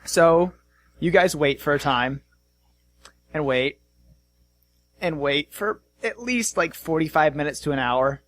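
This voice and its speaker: A man's voice: on the high side, expressive, takes it slowly, long pauses, fairly bright tone. A man narrating as game master of a tabletop game, casual and loose.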